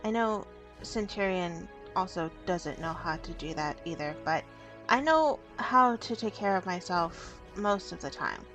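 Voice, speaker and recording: A woman's voice: on the low side, expressive, unhurried, fairly bright tone, faint music behind. A woman voicing an earnest young woman who looks after her little brother, speaking sincerely and a bit pleadingly in a role-play.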